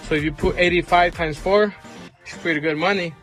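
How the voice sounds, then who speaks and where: A man's voice: sits high, fairly even intonation, brisk, fairly bright tone, faint music behind. A man mechanic talking casually as he walks through a car repair, explaining parts and prices in a plain, informal way. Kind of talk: casual how-to repair vlog.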